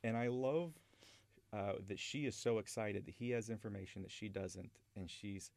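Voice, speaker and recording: Rambling, enthusiastic man podcast host, low voice. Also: moderate pace, darkish tone. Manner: rambling and enthusiastic, many restarts. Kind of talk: casual film discussion.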